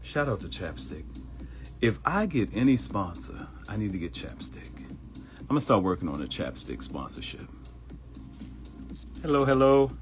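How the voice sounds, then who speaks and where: A middle-aged man from Baltimore hosting a live stream, animated and chatty, greeting viewers by name and joking. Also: on the low side, normal speed, pauses often, soft background music. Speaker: live show host. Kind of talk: live-stream casual chat.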